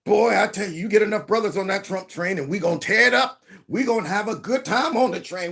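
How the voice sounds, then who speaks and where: A man's voice: high-pitched, fast talker, vocal fry. A man hosting a commentary channel, reacting to video clips with exclamations and mock quotes. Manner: animated, exclaiming, mock-quoting others.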